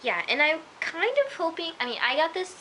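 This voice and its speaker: A woman's voice: very high-pitched, expressive, fairly quick, pushed and bright, a little hiss or hum, poor audio. A woman chatting casually to camera at home, rambling with lots of "like" and "oh my gosh" as she reviews an episode. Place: at home, in pajamas.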